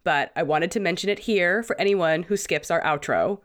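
A woman's voice: on the low side, moderate pace, a little hiss or hum. A woman co-hosting a podcast in casual chat, her voice still a bit sick, laughing between points. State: sick, hoarse-sounding voice. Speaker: podcast co-host.

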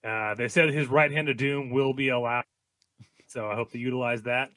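A man's voice: medium pitch, fairly even intonation, normal speed, bright, forceful tone, no echo. A man co-hosting a casual wrestling podcast, easygoing and joking. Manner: easygoing, joking, laughs often. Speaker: podcast co-host.

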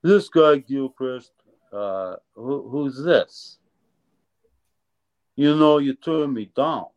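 A man putting on the voice of a pushy New Jersey salesman, slow and tough-talking on a phone call he is retelling. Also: mid-range voice, darkish tone, pitched above the performer's own voice. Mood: gruff. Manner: slow, tough-guy street talk. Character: gruff New Jersey toy salesman, male, middle-aged, pushy.

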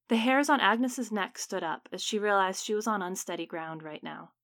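A woman reading a story aloud in measured, dramatic audiobook narration. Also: medium pitch, fairly bright tone, no room sound, clean studio sound.

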